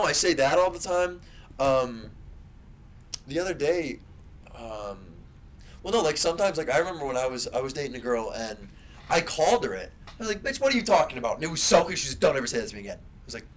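A young man co-hosting a podcast, telling profane, rambling stories in casual chat with loud bursts. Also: medium pitch, very animated, moderate pace, pauses often. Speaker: podcast co-host.

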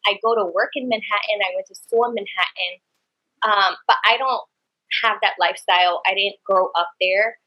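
A woman's voice: medium pitch, fairly even intonation, normal speed, bright, forceful tone, poor audio. A woman from the Bronx, a podcast guest talking conversationally, a bit nervous and full of "like" and "um". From the Bronx, New York. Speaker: podcast guest, business founder. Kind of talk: casual podcast interview.

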